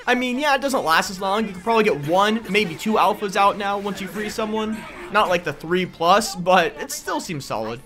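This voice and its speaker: Young guy narrating his match, bright sharp tone, jumpy and animated, yelps when things go wrong. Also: sits high, moderate pace, soft background music. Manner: excitable, yelps and laughs at sudden danger. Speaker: gaming YouTuber. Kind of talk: live gameplay commentary.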